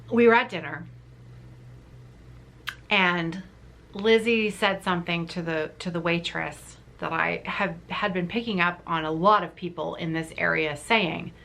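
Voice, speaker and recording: A woman's voice: on the low side, a bit bright. A woman hosting a needlework vlog, telling stories in a rambling, chatty way with many restarts. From Canada. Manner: rambling storytelling with frequent restarts and laughs. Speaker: flosstube host.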